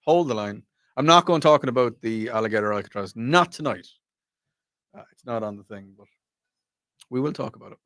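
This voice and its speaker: A man's voice: mid-range voice, a little fast, pauses often, no echo, clean studio sound. A middle-aged Irish man hosting a casual radio talk show, rambling and restarting his sentences. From Ireland. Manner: rambling, animated, frequent restarts. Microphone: studio microphone.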